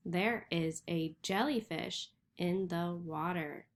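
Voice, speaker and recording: A woman teacher speaks slowly and patiently, sounding out each letter for young readers. Her voice sits a little low for a woman, with a steady, unhurried pace. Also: a little hiss or hum. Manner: slow, clearly sounding out letters. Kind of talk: reading lesson for young children.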